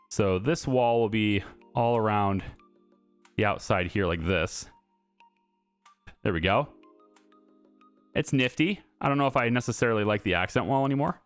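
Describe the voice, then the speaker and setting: A man giving casual gameplay commentary, thinking aloud with fillers and restarts as he builds. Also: lowish voice. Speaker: gaming YouTuber.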